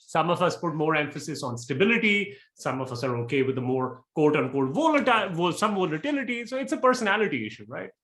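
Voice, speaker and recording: A man giving frank, blunt interview answers as a real estate investor, talking in quick bursts. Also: fairly high pitch, sing-song, a bit bright. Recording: echoey room.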